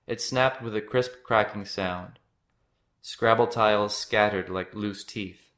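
A man reading his own written personal story aloud in a steady storytelling manner. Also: lowish voice, slow pace.

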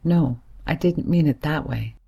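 A woman reading the part of a hesitant but serious young man, a gentle family friend, in an audiobook. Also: on the high side, unhurried, gravelly, slightly rough, full character voice. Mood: earnest. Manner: hesitant yet serious, soothing.

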